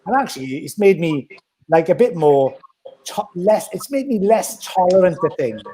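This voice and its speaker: A man's voice: high-pitched, moderate pace, breathy edge. A man talking bluntly and energetically in a casual podcast chat. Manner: blunt, animated, acts out quoted voices.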